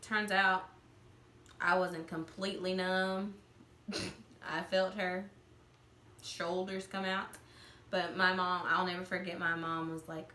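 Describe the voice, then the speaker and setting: A chatty woman vlogger tells a story in a relaxed, casual way, dropping in plenty of "like" fillers. Her voice is bright and forward. The sound is roomy and echoey. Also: lowish voice, slow, long pauses, a little hiss or hum. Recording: roomy echo.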